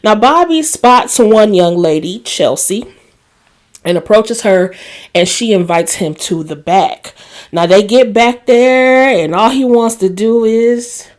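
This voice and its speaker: A woman recaps a TV drama episode like juicy gossip, chatting to viewers in asides, laughing, and acting out quoted lines. Her medium-pitched voice is slow and a little mellow, with lively intonation.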